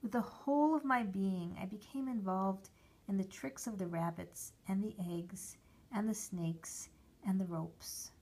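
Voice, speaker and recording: Woman, story reader, slow, deliberate, voices the dialogue. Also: mid-range voice, a little mellow, slightly rough. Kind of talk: reading a short story aloud.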